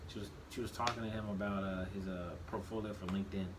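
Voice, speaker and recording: A man in his thirties talking casually on a podcast. He speaks reflectively, restarts his sentences often and gets animated when he quotes himself. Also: on the low side, fast. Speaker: podcast co-host. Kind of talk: casual conversation. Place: shop. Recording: steady background noise.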